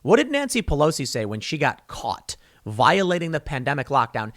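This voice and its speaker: A man talking in a rather high voice that swoops and jumps with animated emphasis, as if he were performing every line. He hosts his own commentary show and speaks sarcastically in a dry, close-miked monologue. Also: moderate pace, few pauses, dry recording. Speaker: show host.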